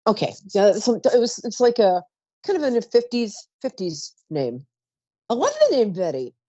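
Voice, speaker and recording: Psychic call-in host, woman, rambling and chatty, lively swooping voice, mellow tone, dry dull recording. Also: medium pitch, moderate pace, no echo. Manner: chatty, warm-toned asides, trails off mid-sentence. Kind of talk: live call-in psychic reading.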